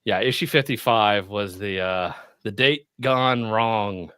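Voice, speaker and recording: A man hosting a casual podcast chat, mocking and profane, animated as he goes. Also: on the low side, slow pace, clear, resonant tone, dry recording, studio quality. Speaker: podcast host.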